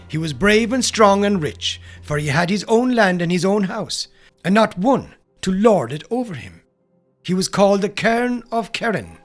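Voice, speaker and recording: A man reading folk tales aloud in a slow, dramatic storytelling manner. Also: sits high. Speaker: narrator. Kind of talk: scripted folklore narration.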